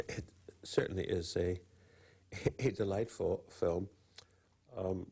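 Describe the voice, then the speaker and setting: An older man speaks in a gravelly, husky low voice, dark and mellow in tone. He talks haltingly, with frequent pauses and stammered restarts. It sounds like a call-in interview broadcast. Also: steady tone. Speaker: interview guest, literary critic.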